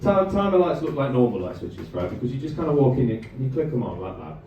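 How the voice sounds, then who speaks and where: A stand-up comedian, lively and echoey, performs a set on a comedy club stage before a live audience. His male voice is medium in pitch, the recording muffled, and he uses a handheld mic for chatty crowd work full of quick asides. The sound is far-off, echoey and noisy.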